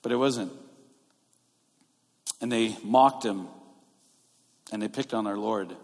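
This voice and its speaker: A man's voice: lowish voice, takes it slowly. A male pastor preaching a sermon in a conversational way, explaining scripture verse by verse. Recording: long reverb of a large hall.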